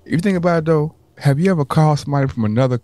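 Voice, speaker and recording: A man's voice: a little high, rapid-fire, mellow, no room sound. A man with a Texas accent, co-hosting a podcast in casual, joking banter full of slang. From Texas, Houston's Third Ward. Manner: laid-back, joking, slangy. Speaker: podcast co-host.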